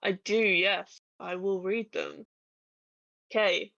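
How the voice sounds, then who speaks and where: A woman co-hosting a casual podcast, reacting quickly with playful teasing asides. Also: mid-range voice, steady tone, creaky, bright, forceful tone, no room sound. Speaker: podcast co-host. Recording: slightly muffled dry audio.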